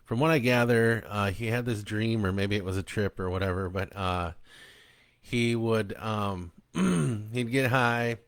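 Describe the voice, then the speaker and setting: Relaxed, low-voiced man reading his book. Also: unhurried, no echo. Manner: relaxed and chatty, with many ums and uhs. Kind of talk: casual intro and story reading.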